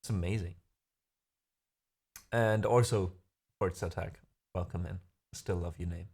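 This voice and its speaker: A man's voice: low-pitched, fairly even intonation, unhurried, a little mellow, breathy edge. A man whose first language is not English, hosting a music livestream and chatting casually with viewers, rambling and laughing at himself. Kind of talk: casual chat reading viewer comments.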